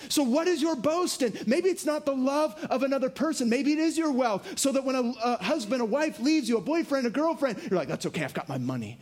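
A man preaching a sermon, lively and earnest, dropping his voice low for emphasis and acting out quotes. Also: brisk, few pauses. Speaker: pastor.

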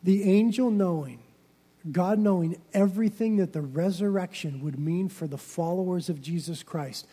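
A man preaching a sermon as pastor, building to loud, emphatic passages and then dropping low and quiet. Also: moderate pace, few pauses, husky. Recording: long reverb of a large hall.

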